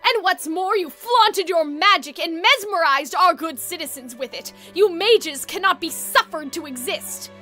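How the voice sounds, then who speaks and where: A woman's voice: very high-pitched, animated, measured pace, few pauses, bright, forceful tone, faint music behind, heavily acted. A woman voicing a sinister, haughty young male villain who speaks in a theatrical, sneering way. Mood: scornful villainous.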